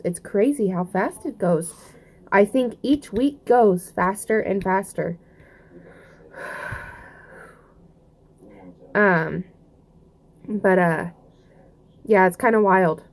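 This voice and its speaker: A young woman with a soft Southern accent talks straight to her camera in a loose, rambling way. She circles back on her thoughts, filling pauses with ums and likes. Her voice sits at an ordinary middle pitch. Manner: chatty, rambling, many fillers and restarts. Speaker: vlogger. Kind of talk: casual pregnancy update vlog.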